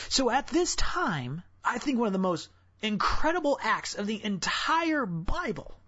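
A preacher giving a devotional sermon in a casual, talky way who sinks into hushed whispers at solemn points. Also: medium pitch, sing-song, unhurried, slightly rough, no room sound. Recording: dull, dry lo-fi recording.

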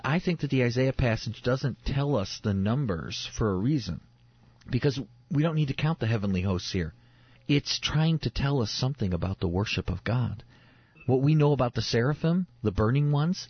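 A man's voice: medium pitch, slightly rough, no room sound. A man teaching the Bible in a sermon style, emphatic and repeating key phrases for stress. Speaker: preacher on a faith show. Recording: dull lo-fi sound.

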